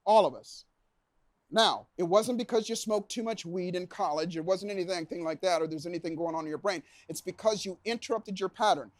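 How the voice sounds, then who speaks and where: Animated male motivational speaker. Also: high-pitched, no echo. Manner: animated, asks the audience questions, acts out reactions. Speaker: keynote speaker. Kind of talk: motivational seminar talk to a live audience.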